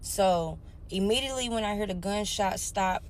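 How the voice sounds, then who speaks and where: A young adult woman candidly shares a story from her life, speaking straight to her listeners and calling them y'all. Her voice is medium-pitched at a moderate pace, with a little hiss or hum on the recording.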